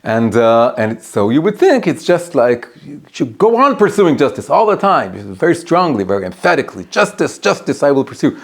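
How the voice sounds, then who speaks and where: A man of middle pitch teaching a class as a rabbi, animated and quick to restart his thoughts. He tells stories and explains ideas in a casual lesson in a private home. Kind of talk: storytelling lesson.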